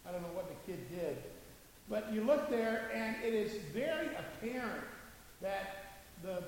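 A man preaching a sermon in a conversational, humorous way, with many asides. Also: sits high. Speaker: pastor. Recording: echoey hall from far off, faint hiss.

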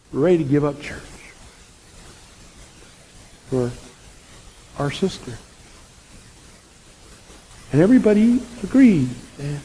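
A man preaching a sermon as the pastor, telling a story with animated, repetitive emphasis. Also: on the high side, takes it slowly, pauses often, slightly rough. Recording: long reverb of a church hall.

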